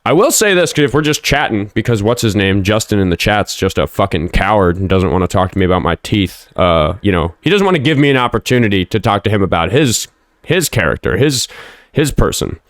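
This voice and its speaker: A man's voice: sits low, lively intonation, brisk, no echo, clean studio sound. A man hosting a casual livestream, chatting and rambling, swearing freely and snapping back at commenters. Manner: profane, combative toward chat, rambling. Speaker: livestream host.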